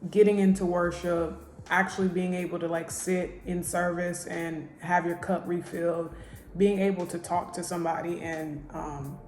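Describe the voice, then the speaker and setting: A young woman vlogging candidly from her home kitchen, halting and emotional, close to tears, with many pauses and fillers. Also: fairly low pitch, level tone, a little mellow, a little hiss or hum. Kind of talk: reflective personal vlog talk. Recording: echoey room with faint music.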